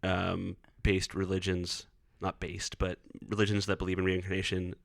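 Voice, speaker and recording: A man's voice: low-pitched, completely flat delivery, moderate pace, gravelly, no room sound, clean studio sound. A man co-hosting a podcast, making wisecracks in casual chat. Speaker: podcast co-host.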